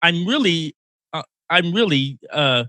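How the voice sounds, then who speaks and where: Podcast host, male, 60s, bright pitched-up voice, earnest storyteller, dry close sound. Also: lively intonation, unhurried, no room sound. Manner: earnest storytelling, emotional at times. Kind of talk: casual interview chat.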